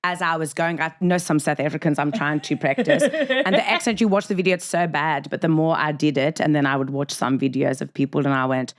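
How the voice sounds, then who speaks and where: A young woman from Australia, an actor guest on a comedy podcast, chatting casually and laughing often. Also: deep voice. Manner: lively, giggly, quick to laugh.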